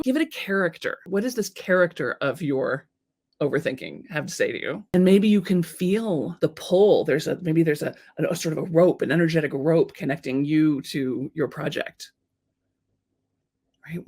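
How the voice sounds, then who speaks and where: A middle-aged woman hosting a live coaching talk, lively and blunt, slipping into playful acted quotes. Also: on the low side, moderate pace. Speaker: host and creativity coach.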